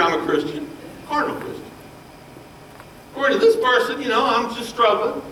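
A man preaching a sermon, telling his own story with passion, his voice rising loud and falling hushed. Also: very high voice, moderate pace, long pauses, a little hiss or hum. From Baltimore, Maryland. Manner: impassioned, swings from loud to hushed. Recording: roomy echo, voice from far off.

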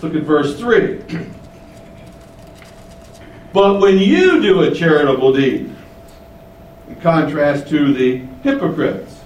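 A man's voice: on the high side, reverberant, recorded from a distance, muffled recording, slight background noise. A man preaching an expository sermon in a conversational way, often asking rhetorical questions and building up emphasis. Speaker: pastor.

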